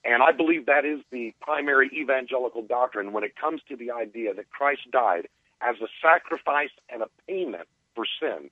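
A man calling into a radio show, making a measured theological argument and reading out quotes. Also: medium pitch, expressive, no room sound. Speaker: caller. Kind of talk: theological argument over the phone. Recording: tinny phone line.

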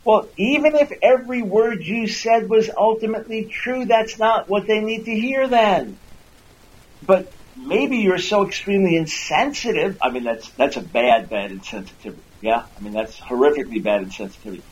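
A man's voice: high voice, moderate pace, muffled recording. A man hosting a radio talk show, earnestly teaching listeners and repeating words as he builds each point. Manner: acts out quoted speech in a raised voice. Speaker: radio host and Christian apologist.

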